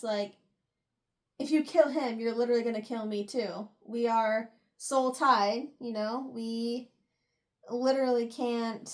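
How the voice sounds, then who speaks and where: Slow-talking young woman recapping a book. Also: fairly high pitch. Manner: chatty, lots of "like" and "you know", laughs and sighs. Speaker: book reviewer. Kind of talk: casual chat, retelling a book.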